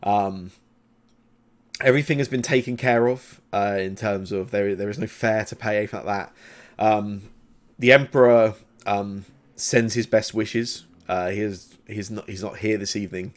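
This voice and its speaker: A man running a tabletop game as game master, narrating loosely with many pauses and fillers. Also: fairly low pitch, fairly even intonation.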